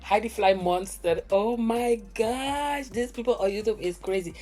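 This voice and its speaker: A woman hosting a gossip reaction commentary, talking in a dramatic, theatrical way with drawn-out exclamations. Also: fairly high pitch, a little mellow. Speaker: gossip reporter host.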